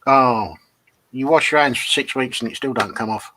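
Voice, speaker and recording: Easygoing man, mid-pitched voice. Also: moderate pace, sharp tone, slight background noise. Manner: easygoing, brief replies. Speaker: livestream co-host. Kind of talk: casual chat.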